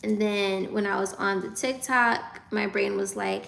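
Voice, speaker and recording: A woman's voice: mid-range voice, steady tone, unhurried, vocal fry, hardly any pauses, fairly bright tone. A woman in her twenties chatting casually on a livestream from her phone, reading out viewer comments and answering them. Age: 20s.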